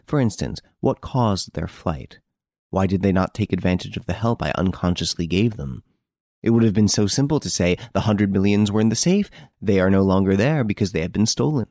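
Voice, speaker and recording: A man voicing a proud, irritable gentleman thief in an audiobook, given to mocking, indignant outbursts. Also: lowish voice, animated, fairly quick, no echo, studio quality. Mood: puzzled. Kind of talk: audiobook character reading.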